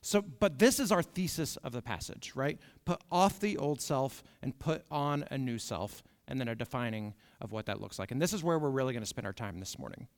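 A man's voice: medium pitch, expressive, brisk, hardly any pauses. A young man giving a casual, conversational sermon, often checking in with "right?" as he walks through the passage. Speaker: preacher. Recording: long hall reverb.

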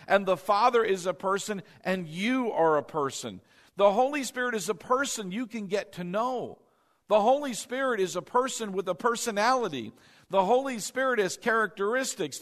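A pastor preaching a sermon, emphatic and repetitive, putting questions to the congregation. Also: male voice, sits high, a bit bright. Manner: emphatic, repeats key phrases, asks the congregation questions. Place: church hall with a congregation. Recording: long hall reverb.

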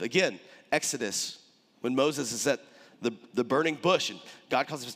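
A man preaching a sermon as pastor, animated and conversational, with dramatic pauses. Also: mid-range voice, long reverb tail.

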